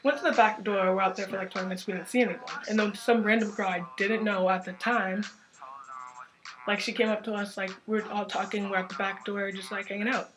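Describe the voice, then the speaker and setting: A young woman telling a story to her camera in a casual, rambling way, excitedly piling up "like" as she goes. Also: mid-range voice, brisk. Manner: excited, rambling, heavy use of filler "like". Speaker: vlogger.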